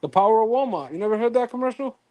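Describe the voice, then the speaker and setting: A man's voice: high-pitched, expressive, very fast, a crowd in the background. A man hosting a live stream in a casual chat, rambling and trailing off mid-thought. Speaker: stream host.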